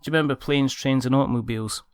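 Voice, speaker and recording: A man's voice: medium pitch, fairly even intonation, rapid-fire, a little hiss or hum. A man hosting a podcast, chatty and telling stories in casual conversation. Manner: chatty, storytelling, laughs at own impressions. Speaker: podcast host. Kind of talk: casual chat.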